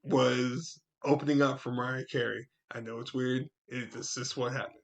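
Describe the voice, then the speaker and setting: A man of middle pitch telling a story in a relaxed, casual way, swearing freely. He gets loud and pointed when quoting his own comebacks. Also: moderate pace, gravelly. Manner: laid-back, profane, rises into loud retorts. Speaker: podcast co-host.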